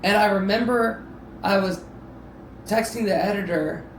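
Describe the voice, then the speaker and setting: A man chats casually on a live stream, his voice sitting fairly high. He tells stories with bursts of loud exclamation. The room sounds roomy. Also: unhurried. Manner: animated storyteller with sudden loud exclamations. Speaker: streamer reacting to videos. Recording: roomy sound with faint background noise.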